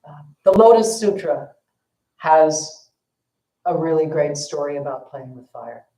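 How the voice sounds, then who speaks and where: A woman's voice: sits low, lively intonation, measured pace, warm tone. A woman dharma teacher telling a story at a family service, casual and self-deprecating, with fillers. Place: temple hall. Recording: echoey temple hall.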